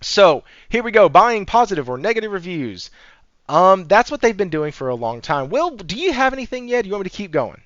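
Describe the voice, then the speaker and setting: A man hosting a casual gaming news podcast, talking in an animated, profane, sarcastic way and laughing often. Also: sits high, brisk, no echo. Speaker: podcast host. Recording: dry, slightly dull audio.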